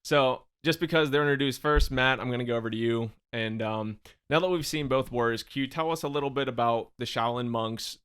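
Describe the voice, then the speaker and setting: A man's voice: medium pitch, a little fast, fairly bright tone, clear, resonant tone. A young man hosting a casual podcast, leading the talk and putting questions to his co-hosts. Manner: leads the talk, asks questions. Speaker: podcast host.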